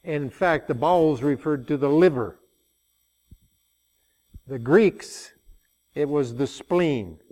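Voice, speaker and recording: A man's voice: fairly high pitch, animated, slow, pauses often, darkish tone. An older man preaching a sermon, telling stories in a folksy way and rising into emphatic passages.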